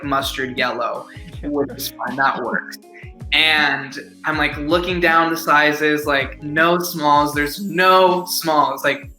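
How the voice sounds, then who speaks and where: The speaker is a young actor being interviewed who rambles cheerfully through a story, leaning heavily on "like" and other fillers. His voice is a little high with a sharp tone, recorded in an echoey room with faint background music.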